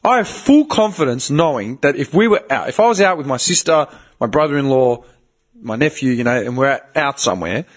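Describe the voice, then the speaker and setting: A young man hosting a podcast, talking in a casual, animated, swearing way and mimicking other people in quoted voices. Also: medium pitch, brisk. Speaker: podcast host.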